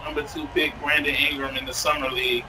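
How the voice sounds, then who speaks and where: A man's voice: mid-range voice, little pitch movement, quick pace, background noise. A man in casual, profane, joking chat while playing a video game. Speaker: gamer. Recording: distant mic with game crowd.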